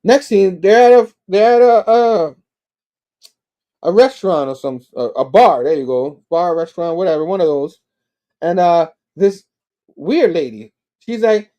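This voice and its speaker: A man hosting a casual show, retelling scenes loosely and quoting characters in quick voices. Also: high-pitched, warm tone. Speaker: show host. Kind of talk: casual episode recap.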